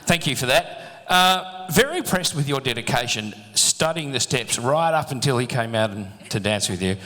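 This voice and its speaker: A man's voice: medium pitch, lively intonation, normal speed, pushed and bright. A man hosting a live event as emcee on a handheld mic, chatty and joking with the performers and audience. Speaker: master of ceremonies. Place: large function hall with audience. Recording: long hall reverb, faint crowd.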